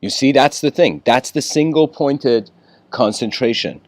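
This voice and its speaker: A man giving an informal lecture, telling a story with many fillers and frequent throat clearing. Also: medium pitch, lively intonation, a little slow, a little mellow, no echo, studio quality.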